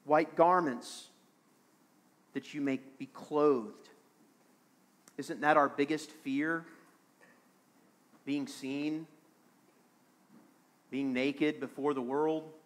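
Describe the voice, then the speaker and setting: A man's voice: fairly high pitch, steady tone, very slow, pauses often. A man preaching a sermon as pastor of a small church, earnest and repeating phrases for emphasis.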